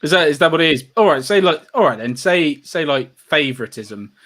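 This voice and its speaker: Lively podcast co-host. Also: male voice, on the high side, fairly quick. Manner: lively, questioning, says mate a lot. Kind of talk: casual chat.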